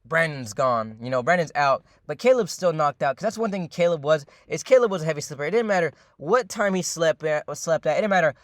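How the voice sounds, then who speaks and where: Rattling quickly through a rambling storytime monologue, a young man speaks in an expressive voice slightly high for a man. He swears freely, repeats himself, leans on fillers, and keeps addressing viewers as "ladies and gentlemen," all in a dry, close recording with no room sound.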